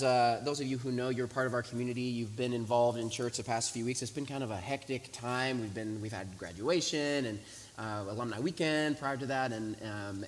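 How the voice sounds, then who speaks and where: Young guy pastor preaching, laid back storytelling, big echoey church hall, little bit of hiss. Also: mid-range voice. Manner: animated storytelling, voices the people in his story; casual, talks to the congregation directly. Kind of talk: sermon. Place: church sanctuary. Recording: hissy room recording with long hall reverb.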